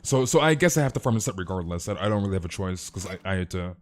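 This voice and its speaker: A man casually chatting with viewers on a live game stream, emphatic and ranting, stammering through quick restarts and tossing in "dude". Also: low voice, lively intonation. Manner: emphatic, ranting, peppered with "dude" and mild swearing. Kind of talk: casual live-stream chat while gaming.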